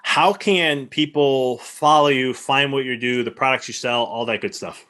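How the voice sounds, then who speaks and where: A man's voice: medium pitch, normal speed, pushed and bright. A man hosting a podcast, a chiropractor, talking in a rambling, enthusiastic way with lots of repeated words. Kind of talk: casual interview chat.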